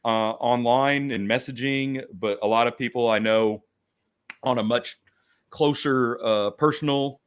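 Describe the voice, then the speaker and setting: A man's voice: mid-range voice, a little slow, smooth. Rambling, enthusiastic male guest. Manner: rambling, enthusiastic, self-deprecating. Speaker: guest toy collector. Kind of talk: casual livestream chat.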